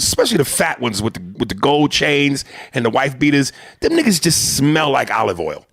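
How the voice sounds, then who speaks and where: Male comedian-host, gravelly and animated, casual profane banter. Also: a little high, moderate pace, few pauses, no room sound, studio quality. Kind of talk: casual comedic podcast chat.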